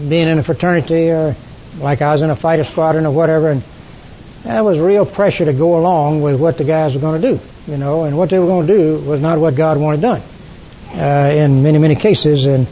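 An older man leads a Bible study class in a somewhat high, mellow voice. He halts often, filling pauses and clearing his throat. The recording is dull and lo-fi, with a faint rumble underneath. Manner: halting, many uh fillers and throat clearing.

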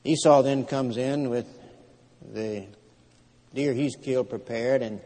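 A man preaching a sermon, retelling scripture in a plain storytelling way with frequent pauses and fillers. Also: medium pitch, fairly even intonation, dark tone. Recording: long hall reverb.

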